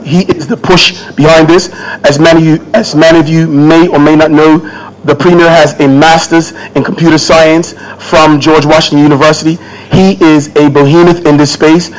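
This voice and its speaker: A man with a notably high voice gives a speech at a public town hall. He talks emphatically and rhetorically, throwing out questions and then answering them. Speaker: government minister.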